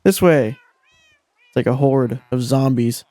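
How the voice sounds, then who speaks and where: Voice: mid-range voice, unhurried, warm tone, dry recording. A gameplay commentator talking casually, exasperated and swearing often, scolding game characters, with the voice leaping up when frustrated.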